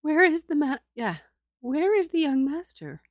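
A woman's voice: high voice, big pitch swings, measured pace, no echo, clean studio sound, pitched above the performer's own voice. Woman doing a stern noble mother. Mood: demanding.

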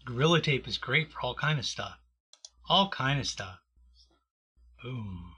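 A man's voice: medium pitch, animated, unhurried, sharp tone, breathy edge. A man hosting a casual, joking chat with a co-host, laughing often.

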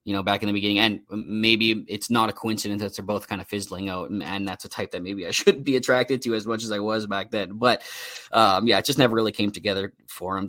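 A man with a lowish voice talks through player stats on a casual sports podcast. He's easygoing, with fillers and the odd self-deprecating aside. The sound is dry and close-miked. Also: a bit bright, dry recording. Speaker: podcast co-host. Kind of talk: casual fantasy football podcast talk.

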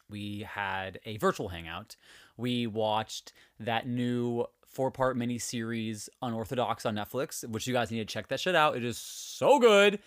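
A man's voice: lowish voice, fairly bright tone, clean tone, no echo, clean studio sound. A man hosting a podcast in a candid, emotional monologue, swearing freely as he rants. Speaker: podcast host. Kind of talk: casual podcast chat.

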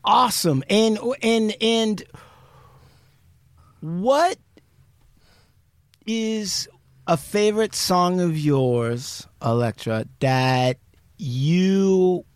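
A man's voice: high-pitched, extremely slow, pauses often, clean tone, dry recording. A man hosting a podcast, asking a guest eager, upbeat questions in a studio. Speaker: podcast host. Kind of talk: casual interview questions.

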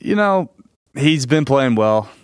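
A man's voice: mid-range voice, big pitch swings, takes it slowly, smooth, no echo. A man co-hosting a golf betting podcast, talking in a dry, matter-of-fact, laid-back way. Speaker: podcast co-host, golf tipster. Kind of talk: casual golf betting chat.

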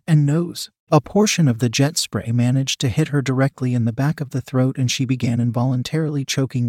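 A man narrating adult fiction in an even, matter-of-fact reading. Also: mid-range voice, husky, dry recording, clean studio sound.

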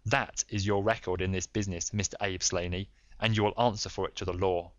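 A man reading a calm, stern middle-aged detective who speaks in a measured, authoritative way. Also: medium pitch, dry recording, dull audio, voice pushed up, close to an everyday voice.

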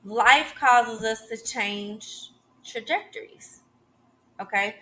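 A woman's voice: fairly high pitch, slow pace, sharp tone. A woman in her thirties hosting a podcast, giving an emphatic, preachy solo talk and often checking in with "okay?". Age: 30s. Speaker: podcast host.

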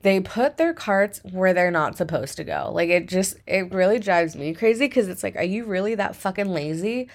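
A woman's voice: medium pitch, moderate pace, hardly any pauses. A woman in her twenties telling a story in a casual vlog, chatty and swearing freely with lots of "like.". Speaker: podcast host.

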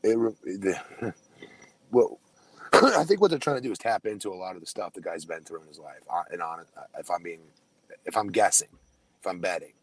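A man's voice: low voice, lively intonation, moderate pace, breathy edge, poor audio. A middle-aged man co-hosting a casual podcast chat, telling stories about himself with a self-deprecating manner and frequent restarts. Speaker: podcast co-host, former wrestler.

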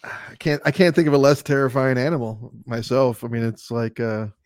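A man's voice: mid-range voice, moderate pace, no room sound, studio quality. A man co-hosting a casual movie review podcast, rambling with restarts and fillers. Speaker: podcast co-host.

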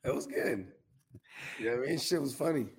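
A man's voice: mid-range voice, animated, brisk, breathy edge. A man co-hosting a casual podcast chat, rambling in slang and often asking "you know what I mean". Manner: rambling, slangy, keeps saying 'you know what I mean'. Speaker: podcast co-host.

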